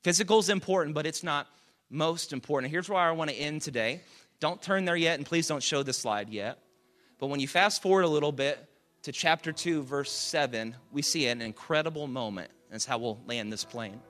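A male pastor preaching a sermon to a live congregation, building to loud emphatic peaks and dropping low and quiet, with soft music behind. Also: normal speed. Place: church auditorium with live audience.

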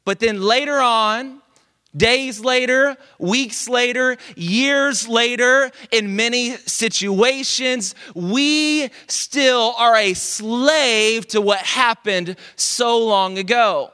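A man preaching a sermon, telling a story in a lively, conversational way with dramatic pauses. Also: very high-pitched, clean tone. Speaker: pastor.

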